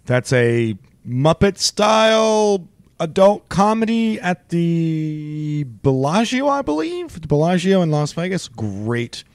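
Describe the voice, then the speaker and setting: Giggly man with a lively voice. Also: on the high side, slow, dry recording. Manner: laughs a lot, stumbles over names. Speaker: podcast co-host. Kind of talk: casual comedy podcast chat.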